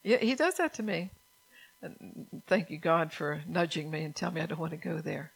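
A woman's voice: deep voice, normal speed, gravelly, breathy edge, low-quality recording. An older woman preaching in an earnest, conversational way, repeating her key phrases and mixing in personal stories. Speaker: church speaker. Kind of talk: sermon mixed with personal testimony.

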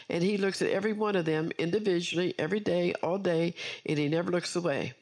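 A woman's voice: on the low side, a little mellow. Earnest woman preaching a sermon. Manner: earnest, emphatic, repeats key phrases. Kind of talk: sermon with personal testimony.

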